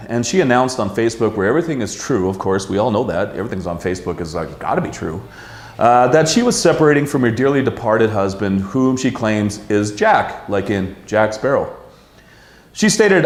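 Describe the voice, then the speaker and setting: A man's voice: fairly low pitch, very animated, fairly quick. A middle-aged man from Canada hosting a casual talk show in a pub, rambling and swearing with many fillers. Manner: rambling, profane, lots of uh fillers. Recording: echoey pub room.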